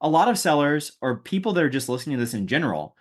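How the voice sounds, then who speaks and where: A man hosting a podcast, thoughtful and quick to laugh in casual chat. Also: on the high side, sing-song. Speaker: podcast host.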